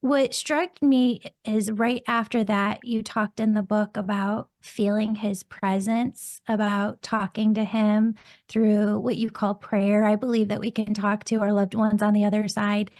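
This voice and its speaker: A woman hosting an interview, asking long, gentle, reflective questions. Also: mid-range voice, fairly even intonation, measured pace, dry recording, clean studio sound. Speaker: podcast host and medium.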